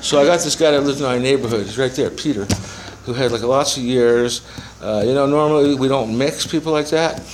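A man's voice: mid-range voice, fairly quick, few pauses, noisy background. A man in his seventies giving a personal testimony to a recovery meeting, rambling through his story with profanity and self-mocking humor. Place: meeting room with a small audience.

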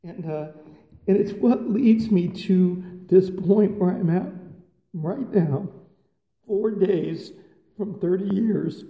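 A man's voice: high-pitched, vocal fry, warm tone. A middle-aged man speaking at a recovery meeting, sharing his personal story in a conversational, self-mocking way with many fillers. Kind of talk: personal testimony to a live audience. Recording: echoey hall with long reverb.

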